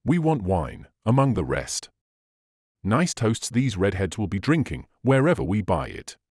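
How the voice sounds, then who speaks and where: A man reading the part of a brisk, fussy and fiercely loyal Englishwoman companion, with emphatic, blunt delivery. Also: on the low side, big pitch swings, darkish tone, husky, no room sound, clean studio sound, exaggerated voice.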